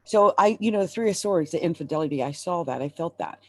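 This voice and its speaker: A woman's voice: fairly low pitch, expressive, fast, dry recording. A woman reading tarot cards on a live stream. She talks to viewers in an emphatic, urgent, encouraging way and is at times close to tears. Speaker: astrologer and tarot reader.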